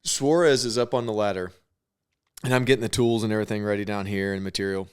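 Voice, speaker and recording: A man's voice: lowish voice, quick pace, smooth. A man co-hosting a podcast, telling a funny story in casual chat and laughing often. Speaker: podcast co-host.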